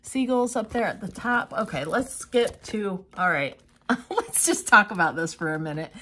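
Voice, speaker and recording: A woman's voice: mid-range voice, big pitch swings, moderate pace, fairly bright tone, slightly rough. A woman craft vlogger giving casual unboxing commentary, gushing with exclamations and chatty asides to her viewers.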